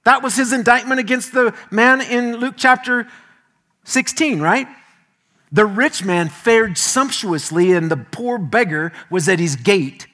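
Bright-voiced male pastor, folksy sermon. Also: sits high, unhurried. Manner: folksy, animated storytelling with homely asides.

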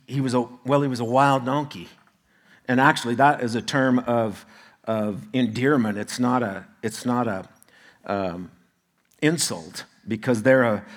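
A male pastor preaching a sermon in a conversational way, with asides to the congregation. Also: mid-range voice.

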